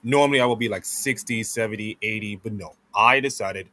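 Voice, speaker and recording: A man's voice: mid-range voice, quick pace, few pauses, sharp tone, no room sound. A man in his late twenties, giving a rambling, casual update on his esports channel and often repeating "of course". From Jamaica. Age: 20s.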